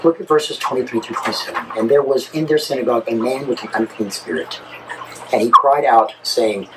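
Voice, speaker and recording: A man's voice: medium pitch, a little fast, slight background noise, low-quality recording. A man preaching a sermon as pastor, telling stories with emphasis. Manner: animated storytelling preacher, emphatic.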